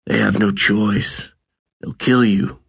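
A man's voice: on the low side, fairly even intonation, takes it slowly, vocal fry, husky, dry recording, clean studio sound, heavily acted. A man voicing an ominous voice heard inside someone's head, repeating its threat. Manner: ominous, repetitive. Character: menacing voice inside a man's head.

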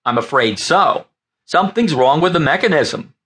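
A man voicing a gruff, irritable starship captain in an audiobook, curt and blustering. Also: a little high, animated, normal speed, fairly bright tone, voice pushed up. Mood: flustered. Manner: curt and blustering, then flustered.

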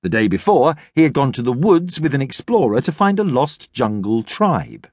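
Lively male audiobook narrator. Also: mid-range voice, normal speed, no room sound. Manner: lively storytelling. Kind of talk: scripted children's story narration. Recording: dry studio audiobook.

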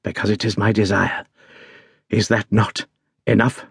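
A narrator putting on a croaking, dying detective. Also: male voice, lowish voice, flat delivery, a little slow, no echo, studio quality, exaggerated voice. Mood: imperious. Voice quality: croaking, feeble. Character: dying male detective, feeble, imperious, croaking.

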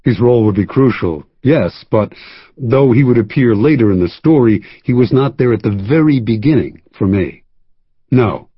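A man narrating a legal thriller audiobook in the first person, with a measured, wry storytelling manner. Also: mid-range voice, lively intonation, husky, dry recording, dull audio.

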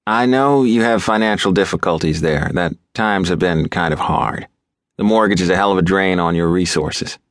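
A man's voice: low voice, normal speed, no room sound, studio quality, close to an everyday voice. A man voicing a nervous, earnest young city businessman. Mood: cautious. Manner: earnest, hesitant.

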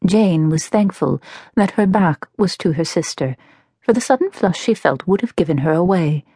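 A woman reading her novel aloud as an audiobook narrator, telling the story in an expressive, measured way. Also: fairly low pitch, breathy edge, dry recording, studio quality. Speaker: author and narrator.

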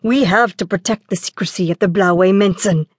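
A woman's voice: medium pitch, moderate pace, no echo, clean studio sound, close to an everyday voice. A woman doing a cautious boy prince. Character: cautious responsible boy prince, older brother.

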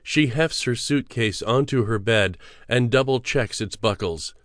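Dude reading an audiobook, steady measured pace, dry close mic, mid voice. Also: male voice, mid-range voice, no room sound. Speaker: audiobook narrator. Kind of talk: scripted audiobook narration. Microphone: close studio mic.

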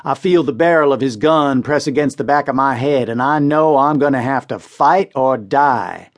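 A man reading crime stories as an audiobook narrator, in steady, measured scripted narration. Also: mid-range voice, no echo, studio quality.

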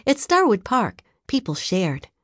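Expressive woman reading a children's story. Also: medium pitch, unhurried, dry recording, clean studio sound. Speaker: audiobook narrator. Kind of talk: children's audiobook narration.

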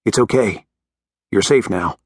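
A steady lawman offers calm reassurance, as a narrator voices him. His voice sits low and even, and it is recorded close and dry for an audiobook. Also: a little slow, husky, no room sound. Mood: reassuring. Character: calm, steady male sheriff's officer.

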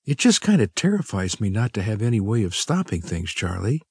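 A man voicing an anxious young wife, speaking softly and hesitantly with a pleading tone. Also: on the low side, very animated, fairly quick, breathy edge, dry recording, clean studio sound, pitched above the performer's own voice, full character voice.

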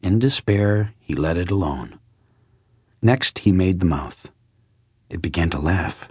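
A man narrating a classic children's story in a measured, expressive way. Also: sits low, husky, no room sound, studio quality. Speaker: audiobook narrator.

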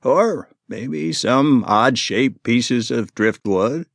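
Guy voicing a calm steady dad, soft and low, slow, dry close audiobook sound. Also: gravelly, no room sound, heavily acted. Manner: calm, lowered voice. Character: calm, steady father, low-key and patient. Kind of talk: audiobook character voice.

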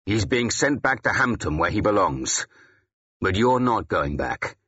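A man voicing a gruff, battle-hardened older Saxon ealdorman who snarls and growls his blunt, weary words in an audiobook. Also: lowish voice, big pitch swings, a little slow, fairly bright tone, lo-fi sound, full character voice. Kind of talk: audiobook character voice.

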